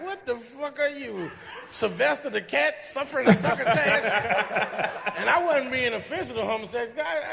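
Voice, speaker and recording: A comedian on a live talk show, telling rowdy stories, laughing through his punchlines and shouting the quoted lines. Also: high voice, creaky. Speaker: comedian guest. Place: ballroom stage before a live audience. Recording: echoey ballroom, long reverb.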